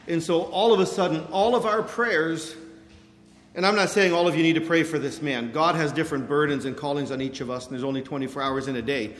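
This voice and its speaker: A man giving a sermon, telling stories with lively quoted voices and frequent fillers like "you know". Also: a little high, a little hiss or hum. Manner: animated storytelling with quoted voices, many fillers. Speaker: preacher. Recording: echoey hall with long reverb.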